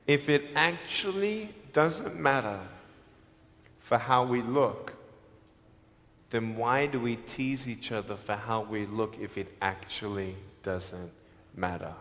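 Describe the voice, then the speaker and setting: A man giving a motivational speech to students, telling stories with humor and swinging between loud and soft. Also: medium pitch. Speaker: motivational speaker. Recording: long hall reverb.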